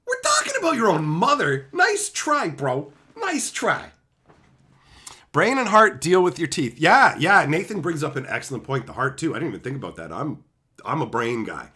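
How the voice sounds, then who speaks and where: Brash, swearing man with a lively voice. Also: mid-range voice. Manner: brash, swears constantly, joking banter. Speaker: streamer. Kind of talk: casual live-stream chat with viewers.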